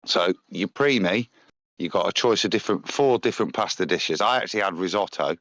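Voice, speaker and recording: A man's voice: deep voice, brisk, a bit bright, no room sound. A man from England chatting casually on a live online panel, rambling easily as he talks. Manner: easygoing, rambling food talk.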